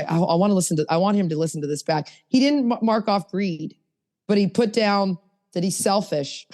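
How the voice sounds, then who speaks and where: A woman hosting a podcast, teaching a hands-on workshop in a casual way, blunt and self-mocking, swinging from low asides to high emphatic bursts. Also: a little mellow. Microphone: podcast mic.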